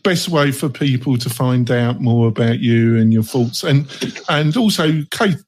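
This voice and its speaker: A man hosts a round-table podcast, thanking his panel and moving things along. He talks in a chatty, halting way, with a mid-range voice. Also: mid-range voice, animated, darkish tone, slight background noise. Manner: chatty, halting, lots of fillers. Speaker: podcast host.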